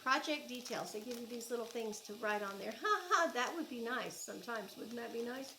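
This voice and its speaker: A woman's voice: a little high, lively intonation, a little fast, pushed and bright, slight background noise, rough recording. A woman with an Oklahoma accent, chatting casually and gushing as she unboxes yarn at home for her crochet vlog. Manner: chatty, gushing, thinks aloud. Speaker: crochet vlogger.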